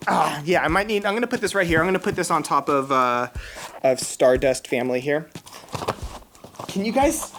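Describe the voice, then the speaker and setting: A woman in a casual unboxing vlog who talks to her viewers in an excitable, slangy way. Her voice sits fairly low, but it swoops up and down widely as she reacts. A faint hiss of noise sits under her speech. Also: normal speed. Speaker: manga reviewer.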